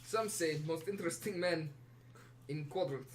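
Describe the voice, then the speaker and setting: A man's voice: on the high side, moderate pace, background noise. A man playing a tabletop game, wry and talkative, chatting casually about his character. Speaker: player.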